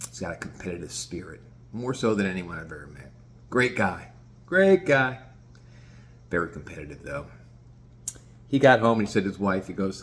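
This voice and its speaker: A man telling a casual story in an animated, swearing manner. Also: deep voice, normal speed, long pauses, a little hiss or hum. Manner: animated, swearing, lots of restarts. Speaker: vlogger.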